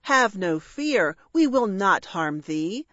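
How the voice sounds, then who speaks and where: A woman's voice: mid-range voice, big pitch swings, slow pace, fairly bright tone, no room sound, highs cut off. A woman voicing a sly pirate captain who coaxes a hero aboard in a falsely kindly way, read in a storybook. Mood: coaxing. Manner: hearty, coaxing.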